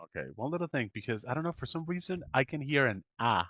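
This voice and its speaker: A man's voice: medium pitch, expressive, fast, no room sound, highs cut off. A man teaching English pronunciation one-on-one, patiently correcting and modeling sounds on a video call.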